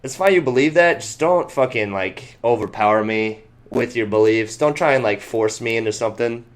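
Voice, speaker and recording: A man's voice: mid-range voice, moderate pace. A young man co-hosting a casual podcast, telling a story with lots of filler "likes" and swearing. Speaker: podcast co-host. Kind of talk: casual chat.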